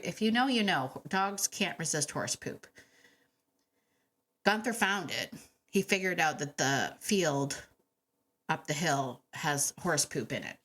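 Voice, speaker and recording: A woman hosting a dog training podcast, telling stories in a chatty, animated way with laughs and fillers. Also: low-pitched. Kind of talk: casual podcast monologue.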